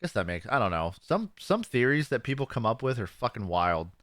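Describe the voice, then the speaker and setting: A young man co-hosting a casual podcast, swearing often and telling stories with animated quoted voices. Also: medium pitch, brisk, dry recording, studio quality. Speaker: podcast co-host.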